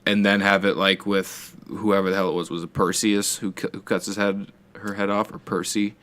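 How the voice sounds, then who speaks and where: A man's voice: low voice, little pitch movement, normal speed, fairly bright tone. A man co-hosting a podcast, chatting casually about a movie in a loose, rambling way, restarting words and swearing now and then. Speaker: podcast co-host. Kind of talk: casual movie review chat.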